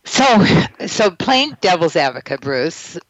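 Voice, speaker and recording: A woman's voice: fairly low pitch, sing-song, takes it slowly, dry recording. A woman hosting a radio talk show, asking curious follow-up questions in a chatty manner. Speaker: radio host. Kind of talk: casual radio interview. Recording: dull lo-fi radio audio.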